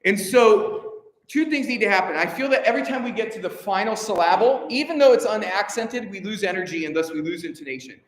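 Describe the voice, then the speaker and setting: A man's voice: high voice, animated. A man conducting a choir rehearsal, giving encouraging instructions between counts in a large hall. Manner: encouraging, coaching, quick asides between counts. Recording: echoey hall, heard from a distance. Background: choir and instruments playing.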